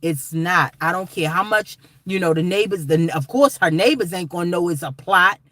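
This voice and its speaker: A woman's voice: on the low side, moderate pace, a bit bright, no echo. A woman vlogger talking straight to her viewers in casual commentary, emphatic and rambling, calling them guys and y'all. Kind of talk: casual direct-to-camera commentary.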